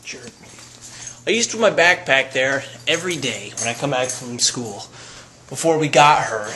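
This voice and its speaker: Young man, chatty daily vlog, excitable, bouncy voice, noisy camera mic with traffic behind. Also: medium pitch, normal speed. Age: young adult. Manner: excitable, chatty, jumps into squeals. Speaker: vlogger. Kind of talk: casual daily video blog. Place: at home, in a car and outdoors on campus.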